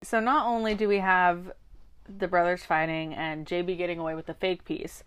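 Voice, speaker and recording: A young woman co-hosting a podcast recaps a TV show in a casual, animated chat, acting out the characters' lines. Her voice sits on the low side, smooth, at a normal speed.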